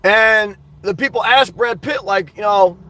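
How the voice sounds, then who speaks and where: A man's voice: high-pitched, a little slow, pushed and bright. A man hosting a livestream, reading live chat aloud in a rambling, earnest way and calling his viewers guys and man. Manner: rambling, earnest, repeats words.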